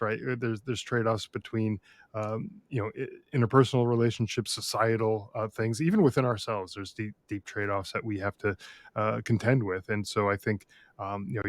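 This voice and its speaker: A man hosting a podcast in casual chat, friendly and loose, with plenty of filler words and restarts, on a close mic. He keeps the talk relaxed and informal. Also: on the low side, no echo. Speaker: podcast host.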